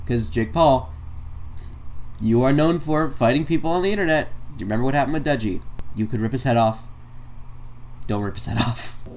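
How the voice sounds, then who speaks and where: A man's voice: medium pitch, brisk, pauses often, darkish tone. A man giving comedic reaction commentary on a video, sarcastic and mock-exasperated, laughing between lines. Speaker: commentary YouTuber.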